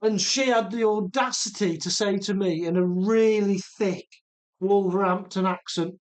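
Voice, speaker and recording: Chatty man, fairly high voice. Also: normal speed. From Telford, English Midlands. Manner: chatty, jokey, reads out viewer comments. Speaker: RC car channel host. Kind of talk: casual chat while working on a car.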